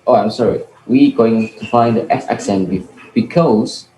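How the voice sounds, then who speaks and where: A young man with a mellow, lowish voice and an Indonesian accent, not a native English speaker, works through a physics problem on a video call at normal speed. As a student presenter explaining the calculations, he's hesitant, says "okay" a lot, and often corrects himself. The room is echoey with faint noise.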